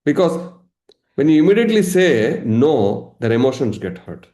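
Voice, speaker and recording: Animated meditation coach. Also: male voice, medium pitch, moderate pace, roomy sound. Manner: animated, acts out examples, laughs often. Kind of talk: live online teaching session.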